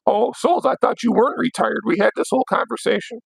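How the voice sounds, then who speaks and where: A hoarse young man hosting a late-night livestream, ranting bluntly with plenty of swearing. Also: very high voice, quick pace, no echo, rough recording. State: hoarse, voice worn out. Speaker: livestream host.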